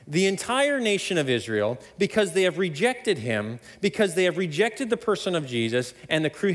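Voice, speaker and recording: A man preaching a sermon, emphatic and animated, often laughing between points. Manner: animated, emphatic preaching with sudden loud high stresses. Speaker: pastor. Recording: long hall reverb.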